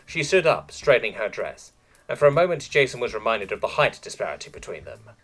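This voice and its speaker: Male narrator, scripted story reading, husky voice, lively pitch, faint music behind. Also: brisk. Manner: expressive storytelling. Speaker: audiobook narrator.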